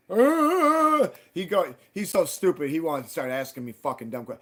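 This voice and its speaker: A man's voice: fairly high pitch, big pitch swings, moderate pace, hardly any pauses, fairly bright tone. Heated, foul-mouthed man ranting on a livestream. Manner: heated, swearing, acts out both sides of arguments. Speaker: livestream host. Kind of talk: profane storytelling rant on a live stream.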